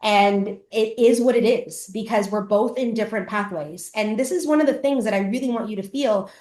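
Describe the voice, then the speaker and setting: A woman's voice: mid-range voice, moderate pace, darkish tone. A woman who coaches and hosts a podcast, giving a live motivational masterclass in an emphatic, casual way that is full of swearing. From Canada. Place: room at a live event. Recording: roomy echo.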